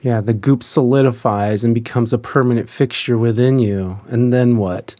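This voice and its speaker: A man's voice: medium pitch, fairly even intonation, moderate pace, warm tone, dry recording. A man hosting a casual conversation, earnest, often repeating words and swearing.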